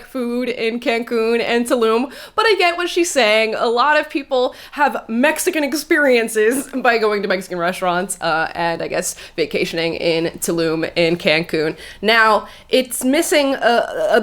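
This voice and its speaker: A young woman hosts a reaction show and picks apart each clip with sarcasm. Her voice sits a little high, and she breaks into short laughs between her points. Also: a bit bright. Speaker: commentary host. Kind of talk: reaction commentary.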